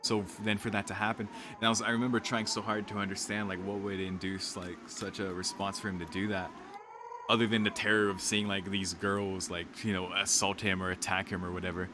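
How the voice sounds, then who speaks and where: A man's voice: low voice, level tone, a little fast, background noise. A young man streaming a visual novel, reading lines aloud and reacting, shaken, rambling and swearing. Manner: rambling, swearing, many fillers. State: shaken, dizzy.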